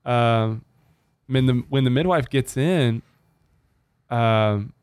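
A man's voice: mid-range voice, slow, smooth. A man in his thirties tells a story on a casual podcast, his mid-range voice swinging up and down as he acts out what people said. The sound is dry and close, with no room echo. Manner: animated storyteller acting out quotes. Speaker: podcast co-host.

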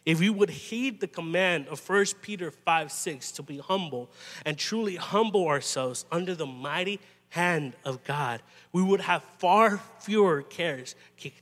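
A man preaching a sermon in a conversational, halting way, often restarting and adding "you know". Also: fairly high pitch, animated, a bit bright, big-room sound. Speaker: pastor.

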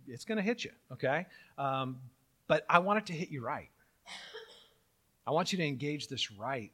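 A middle-aged man preaching a sermon as pastor, animated and joking, with mock-outraged asides. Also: fairly high pitch.

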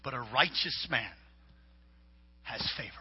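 A man preaching a sermon, reading scripture and building to loud shouted points. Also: mid-range voice, animated, measured pace, slight background noise. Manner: preaching with rising shouts and acted-out quotes. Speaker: pastor. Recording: echoey hall, dull lo-fi sound.

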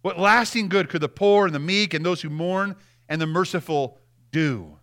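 Guy preaching in church, bright voice, kinda high, keeps hammering the same words, talks right at you. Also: moderate pace. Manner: emphatic, repeats phrases, addresses listeners directly. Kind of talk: sermon.

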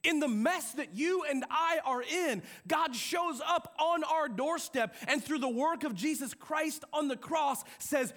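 High-voiced animated male pastor. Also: normal speed, few pauses. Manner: animated, conversational preaching with acted-out quotes. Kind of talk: sermon. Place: church sanctuary with a balcony.

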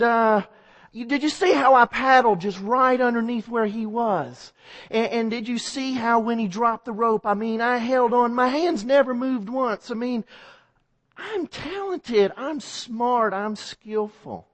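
A preacher doing a smug, boastful man fresh from a rescue, pitched up high and crowing about his own talent. The voice rings out with a long hall echo. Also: unhurried, fairly bright tone. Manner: smug, bragging, self-congratulating.

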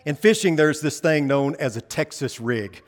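A man delivers a sermon in a conversational style. He keeps asking his listeners rhetorical questions between scripture readings. His voice sits fairly high and rings out with a long hall reverb. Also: lively intonation, moderate pace. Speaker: pastor.

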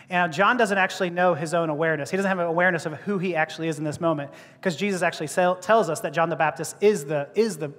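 A preacher with a fairly high, slightly bright voice delivers a sermon, laughing and joking along the way and frequently starting his phrases over. The long reverberation of a big hall carries through the recording.

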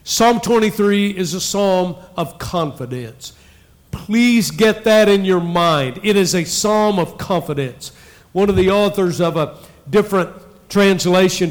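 High pitched preacher guy, emphatic, big pauses, sermon in church. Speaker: pastor. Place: church sanctuary.

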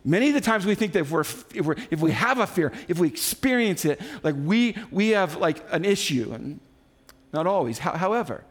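A man in his forties preaching a sermon, telling the story in an animated way and acting out the quotes himself. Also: high-pitched, moderate pace, husky. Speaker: pastor.

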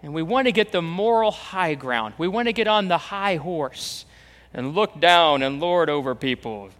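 A pastor preaches a sermon in a fairly high, expressive voice with a fairly bright tone, at a moderate pace. He's emphatic, repeats phrases, and acts out the voices he quotes, all in a reverberant hall with a long echo.

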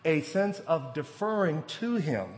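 A man in his forties preaching a sermon, telling stories and rising to loud, emphatic bursts. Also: fairly high pitch, expressive, a little slow. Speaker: pastor. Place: church sanctuary. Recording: long hall reverb.

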